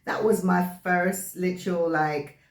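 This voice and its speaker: A woman co-hosting a casual chat, relaxed, asking questions and giving short replies. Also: lowish voice, measured pace. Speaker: podcast co-host and actress. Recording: echoey room.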